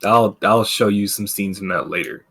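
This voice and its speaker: A man's voice: lowish voice, steady tone, normal speed, fairly bright tone. A man hosting a casual gaming podcast, ranting with plenty of swearing and filler words. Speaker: podcast host. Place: streaming setup.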